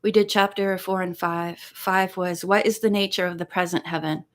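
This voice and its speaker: A woman's voice: lowish voice, steady tone, normal speed. A woman hosting a casual live stream, chatting in a rambling way and counting pages aloud. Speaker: live-stream host reading a book.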